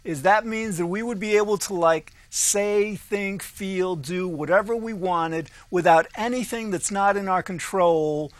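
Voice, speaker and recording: A man's voice: high-pitched, unhurried, hardly any pauses, no echo. A man co-hosting a casual discussion show, explaining his ideas in a rambling way with frequent laughs. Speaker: co-host.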